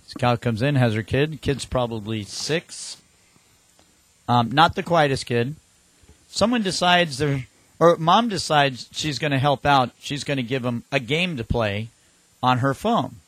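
A man's voice: mid-range voice, lively intonation, unhurried, fairly bright tone, no room sound, rough recording. A man co-hosting a casual talk show, telling rambling anecdotes and acting out quotes. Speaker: podcast co-host. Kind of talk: casual chat.

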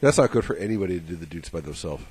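A man co-hosting a casual talk show, playful and quick with jokes. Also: sits low, big pitch swings, darkish tone, husky, no room sound. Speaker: co-host. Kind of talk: casual podcast banter.

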